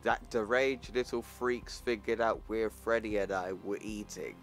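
A man's voice: fairly low pitch, steady tone, measured pace, soft background music, lightly acted. A man reading lines for a frightened, angry young woman on the phone, in his own voice. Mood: panicked.

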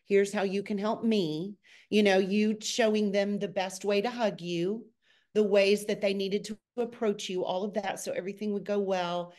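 A middle-aged woman, a choreographer, telling lively stories in a casual podcast chat, sometimes speeding up in bursts. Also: moderate pace. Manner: animated, acts out quotes with a high excited voice.

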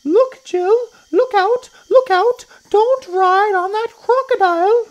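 A man voicing a small excitable male bird in a storybook, calling out in a shrill sing-song. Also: normal speed, muffled recording. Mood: alarmed.

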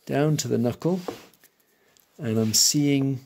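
Slow-talking man teaching drawing. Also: medium pitch, gravelly, mellow, slight background noise. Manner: slow, thinking aloud, self-correcting while drawing. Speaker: art teacher. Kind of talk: live drawing tutorial.

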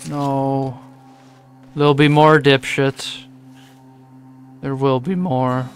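Young man, game streamer, slow, swearing, exasperated. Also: medium pitch, flat delivery, clear, resonant tone, faint music behind. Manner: exasperated, swearing, mock-mournful, laughing. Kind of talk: casual game commentary.

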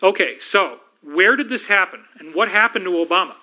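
A man's voice: sits high, expressive, a little fast, pushed and bright. A man presenting a talk over photos, earnest and emotional, addressing viewers directly.

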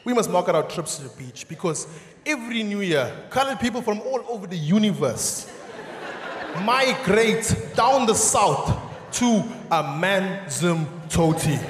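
Animated South African comedian in a big hall. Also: male voice, sits high, unhurried, slight background noise. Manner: animated, shouting punchlines. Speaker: stand-up comedian. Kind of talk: live stand-up comedy. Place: large theatre stage. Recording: echoey theatre hall with audience laughter.

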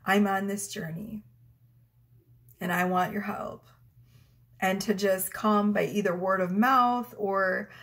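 A chatty middle-aged woman tells stories from her tarot readings in a relaxed, emotional way. She giggles often and slips into little voices to quote herself and her clients, with a voice that sits at an ordinary middle pitch for a woman. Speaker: tarot reader. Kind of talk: casual spiritual storytelling to camera.

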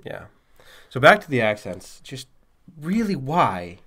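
A man's voice: mid-range voice, sing-song, unhurried, fairly bright tone. A man with a Massachusetts accent co-hosting a podcast, chatting in a wry, questioning, joking way. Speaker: podcast co-host. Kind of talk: casual chat.

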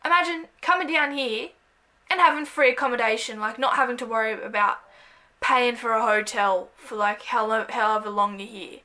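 An Australian woman vlogging a playful, self-mocking comedic monologue to camera, breaking into loud bursts. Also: a little high, normal speed.

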